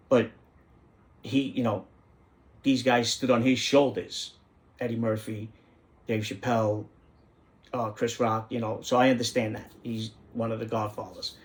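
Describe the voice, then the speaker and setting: A middle-aged man, hosting a casual monologue in an indignant, rambling way that repeats phrases for emphasis. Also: mid-range voice. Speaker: host.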